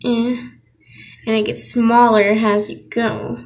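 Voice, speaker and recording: A woman's voice: a little high, flat delivery, slow pace. A young woman giving a rambling, giggly casual drawing tutorial, often laughing and interrupting herself. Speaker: vlogger. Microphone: phone.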